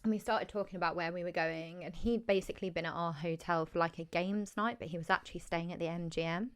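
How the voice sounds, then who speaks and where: A woman's voice: lowish voice, steady tone, quick pace, fairly bright tone, clear, resonant tone. A young English woman in her twenties telling a long story in a rambling, chatty way, full of "like" and acted-out quotes. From England. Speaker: podcast host. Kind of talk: casual storytelling chat.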